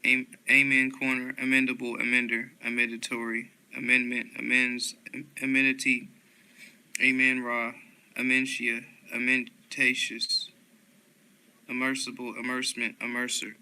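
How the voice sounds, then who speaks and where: Guy reading dictionary words one after another, dead flat, bright crisp voice. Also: mid-range voice, normal speed, low-quality recording. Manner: flat, steady word-by-word reading with small slips. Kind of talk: reading a word list aloud.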